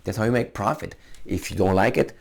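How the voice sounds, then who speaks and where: A man with a low, gravelly voice gives an argumentative opinion monologue to camera. He plays out imagined exchanges in his own voice to press his points. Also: brisk, a little mellow. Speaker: commentator hosting his own channel.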